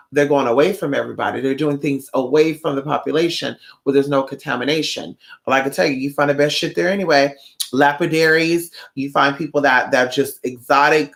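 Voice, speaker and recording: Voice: mid-range voice, gravelly. A livestreamer from Northern California chatting in a sassy, profane way and acting out quotes while welcoming viewers. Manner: sassy, profane, animated storyteller who acts out quotes. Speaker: livestreamer and spiritual shop-goer. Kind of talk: casual livestream chat.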